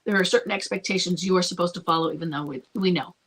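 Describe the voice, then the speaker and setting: A woman's voice: fairly low pitch, quick pace, a bit bright, slightly rough. A woman who coaches couples, talking through a listener's question about rebuilding a marriage. She speaks earnestly and reassuringly, often checks in with "okay?", and thinks aloud with restarts. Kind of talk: advice monologue to camera.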